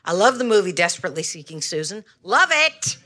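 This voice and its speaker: A woman's voice: fairly low pitch, very animated, a little fast, pushed and bright. An older woman doing rambling, tangential stand-up on a wireless mic, full of apologies and self-deprecating asides. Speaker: comedian guest. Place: comedy stage before live audience. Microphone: handheld wireless mic.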